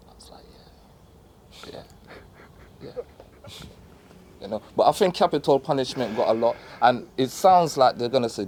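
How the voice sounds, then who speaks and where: A man's voice: medium pitch, lively intonation, fairly quick, long pauses, darkish tone, a little hiss or hum. A man talking in a reflective, earnest way, telling loose stories in a casual chat.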